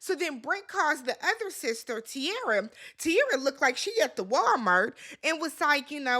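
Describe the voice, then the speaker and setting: A woman talks through a reality show recap in a casual, sassy way. Her voice sits high and sounds bright. She slips into the cast's lines as she tells it. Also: animated, normal speed, few pauses.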